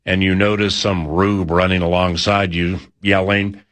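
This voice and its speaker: A man's voice: deep voice, level tone, unhurried, fairly bright tone. A man hosting a sports radio show who asks his guest questions in a teasing, playful way. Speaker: radio host. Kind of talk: casual sports radio talk.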